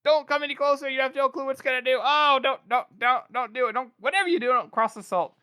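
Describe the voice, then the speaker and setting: A man voicing a panicked male acolyte, pleading in a high, frantic voice. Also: quick pace, sharp tone, clear, resonant tone.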